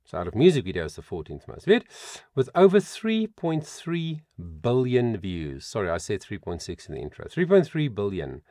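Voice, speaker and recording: A man working as a vocal coach, reading out song facts in a reaction video and adding animated comments of his own. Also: lowish voice, moderate pace, hardly any pauses, no room sound, clean studio sound. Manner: reads song facts aloud with animated asides.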